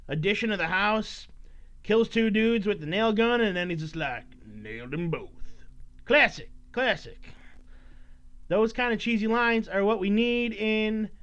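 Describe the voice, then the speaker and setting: High-voiced, profane man hosting a podcast. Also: a bit bright, clear, resonant tone. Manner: rambling, profane, mock-scolding his listeners. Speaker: podcast host. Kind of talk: casual solo podcast monologue. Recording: dull lo-fi recording.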